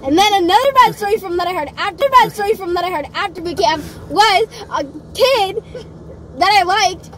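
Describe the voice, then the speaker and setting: Chatty young woman with a really high voice telling a story outside, noisy background. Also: normal speed. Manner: chatty, animated, many fillers. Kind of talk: casual storytelling.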